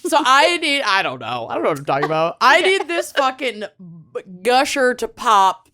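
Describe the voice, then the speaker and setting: A woman's voice: on the high side, sing-song, moderate pace, bright, forceful tone, a little hiss or hum. A woman with a Minnesotan accent co-hosting a podcast, crude and laughing through casual banter. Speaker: podcast co-host. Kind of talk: casual chat.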